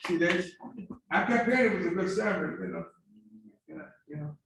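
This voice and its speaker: Heard from far off in a very echoey church sanctuary, a male pastor preaches a call-and-response sermon, coaxing the congregation to repeat his words. His voice is high, gravelly and a little fast, and the recording is very noisy.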